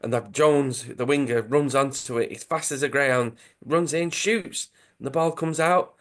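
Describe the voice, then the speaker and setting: A podcast co-host with a Dudley accent tells a humorous football story in a laid-back way, his mid-range voice moving at normal speed. He acts out each quote animatedly and self-corrects as he talks.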